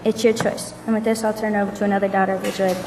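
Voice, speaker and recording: A woman's voice: mid-range voice, little pitch movement, racing, over a noisy crowd. A woman giving a short, emphatic speech at a church service before handing over to the next speaker. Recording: distant mic, long hall reverb, noise.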